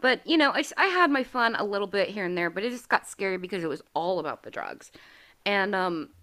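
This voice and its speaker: Female podcast host, forties, mid-pitched, swears freely, animated storyteller. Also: fairly quick. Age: 40s. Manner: candid, profane storytelling with acted quotes. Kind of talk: casual chat.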